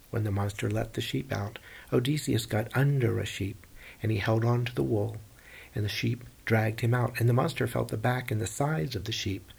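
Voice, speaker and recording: A man telling an old myth aloud in plain, animated, folksy storytelling. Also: fairly low pitch, vocal fry, breathy edge. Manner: animated, plain-spoken retelling with folksy phrasing.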